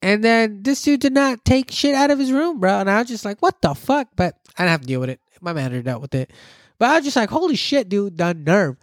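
A man telling a story in casual chat, animated and profane, who acts out what others said. His voice sits a little high and sounds dry and close to the mic. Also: quick pace, no echo.

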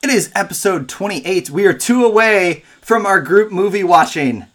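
A man's voice: high voice, expressive, moderate pace, a bit bright, a little hiss or hum. A young man hosting a casual podcast, upbeat and a bit rambling. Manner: upbeat, rambling, self-deprecating. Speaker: podcast host. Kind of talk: casual chat.

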